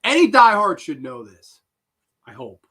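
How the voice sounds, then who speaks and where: A man with a somewhat high, very lively voice hosting a live trivia stream. His tone is bright and forceful, and he swears freely as he reacts to answers from chat. Each question spills into excited banter. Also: measured pace. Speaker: host.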